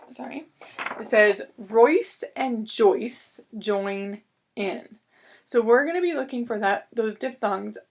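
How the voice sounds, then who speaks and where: A woman teacher giving a recorded reading lesson to young students, sounding out words slowly and patiently. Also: medium pitch.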